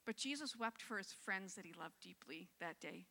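A woman's voice: mid-range voice, animated, moderate pace, creaky, bright, forceful tone, in a large hall. A woman pastor giving a sermon, reading scripture aloud and then reflecting on it in a conversational way.

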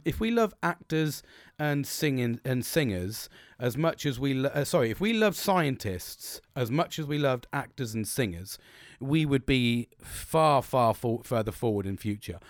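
A man's voice: medium pitch, dry recording, clean studio sound. A young man hosting a casual solo podcast, rambling and swearing a lot, laughing often. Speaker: podcast host.

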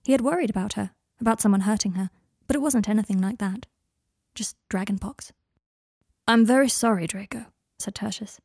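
A woman narrating a fan fiction audiobook in a calm, even reading voice. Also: mid-range voice, brisk, creaky, husky, no echo, clean studio sound.

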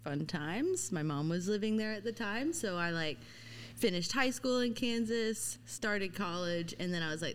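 Woman, thirties, mild Southern lilt, relaxed chatty guest, somewhat low voice. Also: normal speed, clean tone. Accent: mild Louisiana Southern. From Louisiana. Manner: laid-back, chatty, lots of fillers and laughs. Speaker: podcast guest. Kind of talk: casual chat.

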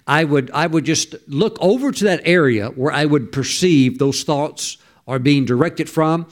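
A man's voice: fairly high pitch, a little slow, few pauses. A middle-aged male pastor preaching a sermon, telling stories and urging his listeners on with fervor. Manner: storytelling preacher who exhorts and laughs loudly.

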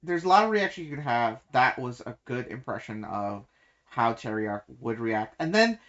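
A woman co-hosting a casual book discussion podcast, talking in animated, quick bursts and laughing often. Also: very deep voice. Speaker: podcast co-host. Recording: dull lo-fi sound.

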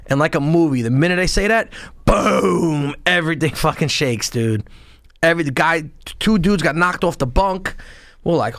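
A man telling war stories in a casual interview, profane and animated, acting out what people said. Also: on the high side, normal speed, no echo, studio quality. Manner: animated, profane storytelling with quoted voices. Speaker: podcast guest, former Marine and police sergeant.

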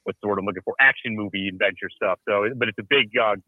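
A man calling in to a casual talk show, rattling off stories fast with a joking edge. His voice comes through thin and tinny, like a phone line, with no room around it. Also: on the low side, no echo. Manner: joking, quick and animated. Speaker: guest caller. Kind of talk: casual storytelling.

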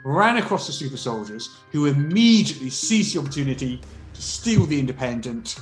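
Game master with a roomy echo. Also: male voice, medium pitch, fairly quick. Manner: rambling, relaxed storytelling with fillers. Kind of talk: narrating a tabletop game. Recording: roomy echo, faint music.

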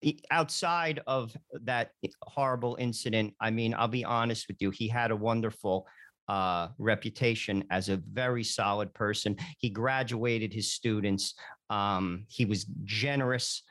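A man's voice: lowish voice, a little slow, a bit bright, no room sound. Man, radio co-host, dry close mic, earnest conversational. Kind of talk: radio talk show, leading prayer.

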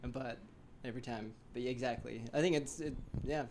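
A man hosting a podcast, chatting in a relaxed and agreeable way. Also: mid-range voice, fairly quick, a little hiss or hum. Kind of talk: casual chat.

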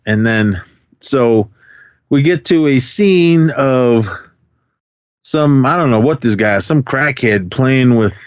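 A man's voice: medium pitch, animated, takes it slowly, smooth, no echo. A man co-hosting a podcast, rambling through a film recap in casual chat, laughing often and filling gaps with "uh". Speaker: podcast co-host. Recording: dry, dull lo-fi sound.

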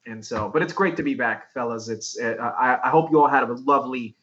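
Male podcast guest, husky and forceful, chatty, lo-fi sound. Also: medium pitch, brisk. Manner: friendly, chatty, many ums. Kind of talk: casual podcast chat.

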